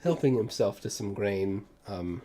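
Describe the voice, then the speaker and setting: A man's voice: fairly low pitch, unhurried, warm tone. A man narrating a tabletop game as game master, hesitant and full of ums. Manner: hesitant, many ums and uhs.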